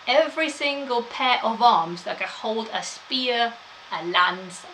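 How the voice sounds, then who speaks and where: A woman's voice: fairly high pitch, animated, slow, bright, forceful tone, a little hiss or hum, poor audio. A woman gives a chatty live-streamed history talk, laughing often and answering chat.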